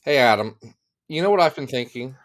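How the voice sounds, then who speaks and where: A man co-hosting a podcast in loose, joking banter. His pitch swings widely as he teases himself and his co-host. He sits at a mid-range pitch, playful and animated throughout. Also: a little fast. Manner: playful, self-mocking, animated. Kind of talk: casual comedic chat.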